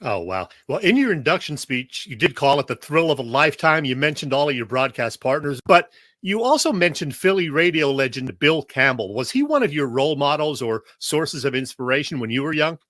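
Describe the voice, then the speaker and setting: A man's voice: fairly high pitch, sing-song, fairly quick, fairly bright tone, no room sound, clean studio sound. A male radio show host interviewing his guest, asking direct, attentive questions.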